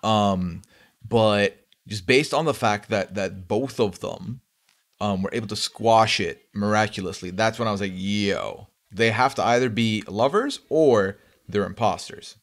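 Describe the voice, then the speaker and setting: A man hosting a live-streamed social deduction game, chatting casually with friends and sometimes yelling. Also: fairly low pitch, a little slow. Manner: animated, bursts into yelling. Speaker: streamer host. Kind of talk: casual gaming chat with friends.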